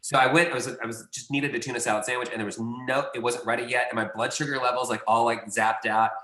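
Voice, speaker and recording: Man, casting director guest, forceful bright tone, rambling self-correcting storytelling, echoey room. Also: mid-range voice, steady tone, fast talker. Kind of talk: casual anecdote telling.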